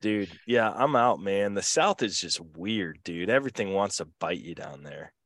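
A man's voice: sits low, expressive, moderate pace, fairly bright tone, dry recording. A man hosting a podcast, chatting casually with slangy, laid-back banter. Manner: laid-back, slangy, says "dude" a lot. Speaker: podcast host. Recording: dry close sound.

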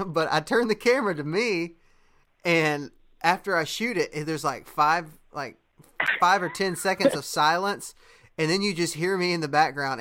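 A man's voice: on the high side, pushed and bright. A young man in casual chat, a podcast host telling a story in a laid-back way, with lots of fillers and laughter.

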